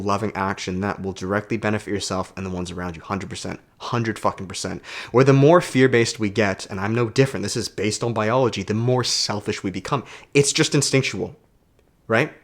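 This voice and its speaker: A man with a fairly low voice gives a motivational vlog monologue into the mic of the device he films on. He coaches self-development and talks in an emphatic, preachy way, peppering his points with curse words. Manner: emphatic, preachy, swears a lot.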